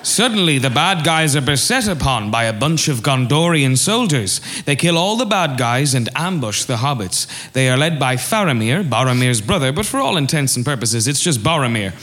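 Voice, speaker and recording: A man's voice: mid-range voice, big pitch swings, moderate pace, few pauses, a bit bright. A man narrating a comedic recap in a wry, mock-dramatic manner.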